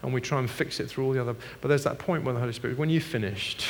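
A middle-aged man preaching a sermon as pastor, moving between hushed, earnest passages and animated, laughing stories. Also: mid-range voice, very fast, gravelly. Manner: animated storytelling with laughs and shifts from hushed to loud. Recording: long hall reverb.

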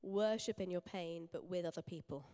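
A woman's voice: fairly low pitch, normal speed, dark tone. Earnest young woman preaching. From England. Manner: earnest, personal, conversational preaching. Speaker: church speaker. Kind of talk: sermon. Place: church hall.

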